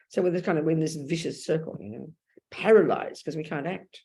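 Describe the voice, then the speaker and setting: Speaking as a Buddhist nun, a woman with an Australian accent gives a blunt, emphatic dharma talk and calls her listeners darling. Her low-pitched voice is warm, with lively intonation and a fairly quick delivery.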